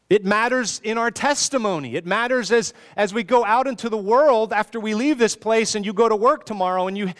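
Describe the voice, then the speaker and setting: This pastor's voice is high with a fairly bright tone as he preaches earnestly in a reverberant hall. Pleading, he poses rhetorical questions again and again throughout his sermon.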